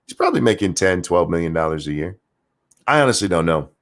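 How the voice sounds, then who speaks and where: Profane, sarcastic ranting man, low voice. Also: very animated, fast talker. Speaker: livestream host reading chat. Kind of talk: political rant livestream.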